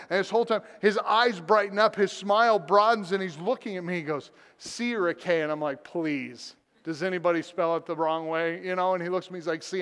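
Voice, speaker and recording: A man's voice: high-pitched, fairly bright tone. A man preaching a sermon as pastor, telling a personal story with self-deprecating humor. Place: church sanctuary. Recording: long church reverb.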